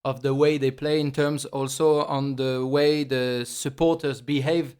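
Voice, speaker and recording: A man from France, a native French speaker, speaking English with a French accent as a panelist on a football podcast. He talks in a measured way and sometimes searches for words. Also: medium pitch, level tone, a little mellow, clear, resonant tone. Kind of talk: casual football podcast chat.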